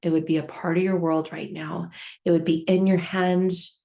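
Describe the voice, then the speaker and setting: A woman's voice: on the low side, flat delivery, moderate pace, gravelly, warm tone. A woman self-help speaker giving a motivational talk, storytelling with repeated, building phrases. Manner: storytelling with repetitive build-ups.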